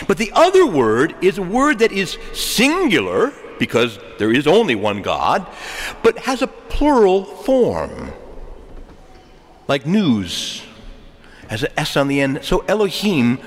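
A man preaching a sermon, animated and joking, asking rhetorical questions to his listeners. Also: fairly high pitch. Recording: long echo of a large hall.

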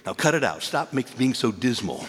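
A man's voice: mid-range voice, big pitch swings, normal speed, fairly bright tone. A man voicing God as a blunt, no-nonsense figure scolding a prophet, with long church reverb. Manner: brusque, scolding.

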